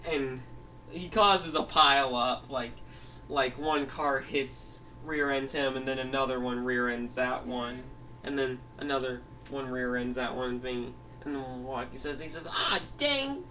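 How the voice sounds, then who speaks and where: A man's voice: mid-range voice, level tone, unhurried, sharp tone. A man telling a made-up story in a rambling way, full of restarts and laughs. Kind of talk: improvised storytelling. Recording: voice heard from a distance, faint noise.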